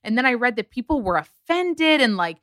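A woman podcast host chatting casually, her voice bright and smooth. She talks emphatically, full of quick asides, and the sound is dry and close. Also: fairly high pitch, very animated, no room sound. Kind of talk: casual chat.

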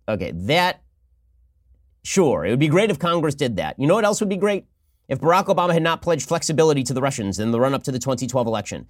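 A man delivering fast, sarcastic political commentary from a close studio mic, sometimes acting out mock phone calls. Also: mid-range voice, no room sound. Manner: rapid-fire, sarcastic, acts out mock dialogues.

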